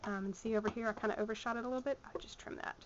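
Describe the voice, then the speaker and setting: A woman's voice: on the high side, fairly even intonation, rapid-fire, a little hiss or hum. A woman with a Southern US accent, teaching a hands-on sewing tutorial in a chatty way with plenty of ums as she works. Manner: chatty, many ums, talks while working. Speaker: sewing instructor. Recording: muffled lo-fi home video sound.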